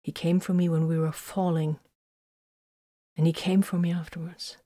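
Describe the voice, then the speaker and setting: An intense male psychic librarian speaks quietly and earnestly, as a woman reads him aloud. The voice is a little low and sounds dry and close-miked, like a storybook audiobook. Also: level tone, moderate pace, dry recording, natural voice.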